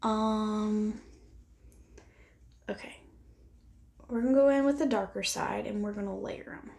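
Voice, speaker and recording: A woman's voice: medium pitch, measured pace, creaky, dark tone. A woman vlogging a casual makeup try-on, chatting candidly to the camera and thinking aloud as she applies it, sometimes dropping to near-whispers. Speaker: beauty vlogger.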